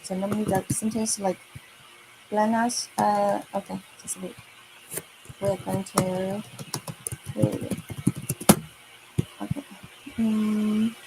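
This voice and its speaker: A woman's voice: medium pitch, flat delivery, takes it slowly, pauses often, very noisy. A woman teaching a lesson for kids, speaking patiently, repeating words and often checking with "okay?" and "right?". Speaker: Mandarin teacher. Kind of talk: online kids' language lesson.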